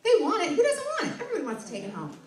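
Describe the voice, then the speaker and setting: High-voiced upbeat woman, echoey room. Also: wildly swooping pitch, very fast, distant mic, crowd noise. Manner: upbeat, enthusiastic, acts out sales dialogue, laughs often. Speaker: sales trainer speaking to a group. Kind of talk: motivational sales training talk. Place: meeting room with audience.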